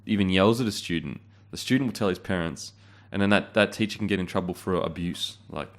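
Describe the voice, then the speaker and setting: Low-voiced laid-back Aussie bloke. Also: male voice, a little fast. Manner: laid-back, blunt, swears casually. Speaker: host. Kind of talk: casual chat.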